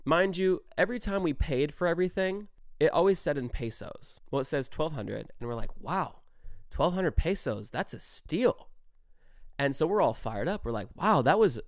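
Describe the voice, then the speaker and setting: Young man, casual storytime, animated, swears a lot, emphatic, fairly high voice, dry close sound. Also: normal speed, dry recording. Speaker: vlogger telling a story.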